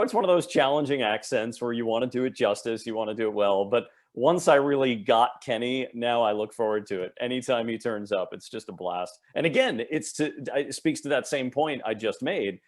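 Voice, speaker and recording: A man from New York who works as an audiobook narrator and dialect coach, explaining things at length in casual chat. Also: medium pitch. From New York, Long Island.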